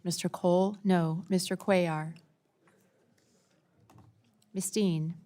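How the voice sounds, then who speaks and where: A woman clerk calling the roll in a flat, methodical way, repeating names and votes. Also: on the low side, takes it slowly. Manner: flat, methodical name-reading. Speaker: committee clerk. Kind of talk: roll call.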